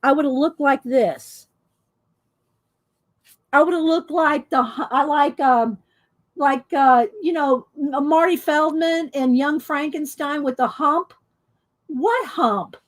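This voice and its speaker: High-voiced rambling woman storyteller. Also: slow pace. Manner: rambling, laughing storyteller with many fillers. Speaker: adult coloring video host. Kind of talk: casual storytelling to viewers.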